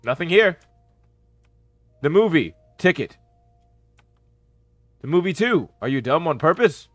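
A man giving playthrough commentary on a horror game, reacting with excited yelps and shouts. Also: a little high, measured pace, dry recording. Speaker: gaming YouTuber.

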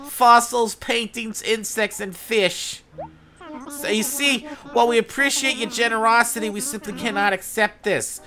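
A man's voice: very high-pitched, measured pace, bright, forceful tone, pitched above the performer's own voice, heavily acted. A man putting on a fussy, hooting old owl curator. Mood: prim. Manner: over-formal, apologetic, hooting. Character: prim, fussy old male museum owl, sleepy and polite.

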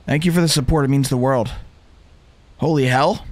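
A young man streaming a video game with excited, animated commentary, often firing the same questions again and again. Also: medium pitch, normal speed. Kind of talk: live gameplay commentary.

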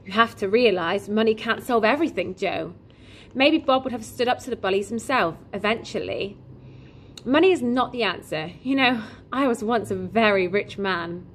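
A woman voicing a kindly grown man who keeps a corner shop, gentle and coaxing, in a storybook reading. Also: medium pitch, moderate pace, slight background noise, close to an everyday voice.

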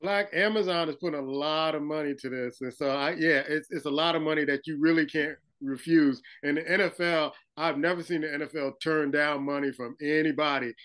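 A male radio host with a fairly high, smooth and resonant voice. He sets up each sports story in a relaxed way and hands it to his panel. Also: brisk, few pauses. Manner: relaxed, sets up topics and asks questions. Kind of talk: sports talk radio hosting.

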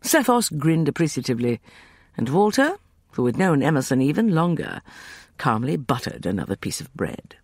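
A man narrating a first-person novel as an audiobook, reading in an expressive, animated way. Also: on the high side, moderate pace, no echo, clean studio sound.

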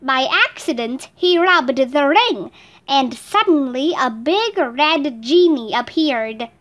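Slow, high-voiced woman reading a children's story. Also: lively intonation, fairly bright tone. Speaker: storybook reader. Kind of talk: reading a children's book aloud.

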